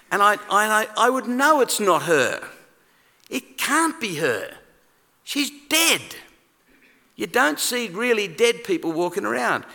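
A man preaching a sermon in a conversational, animated way, acting out quoted lines. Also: high voice, creaky. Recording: long reverb of a large hall.

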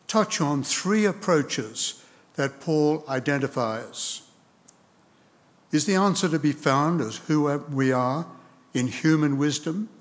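A man preaching a sermon, speaking in a measured, deliberate way and reading scripture aloud. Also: a little high. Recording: long reverb of a large hall.

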